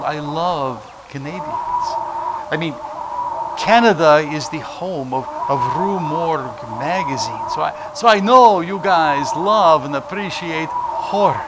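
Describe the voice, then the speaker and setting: A man's voice: fairly high pitch, heavy background noise. A man playing a campy vampire count who hosts a horror show, cracking corny jokes and laughing at them. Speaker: horror host.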